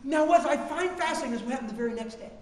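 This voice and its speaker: A male preacher telling a story in a sermon, animated and repeating words as he acts out the quotes, recorded from a distance in an echoey hall. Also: very high-pitched, racing. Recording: echoey hall, distant mic, faint noise.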